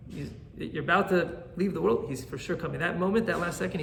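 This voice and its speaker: Animated rabbi with a gravelly voice. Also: male voice, on the high side, a little fast, few pauses, roomy sound, a little hiss or hum. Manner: animated, asks "right?" often. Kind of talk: Torah class.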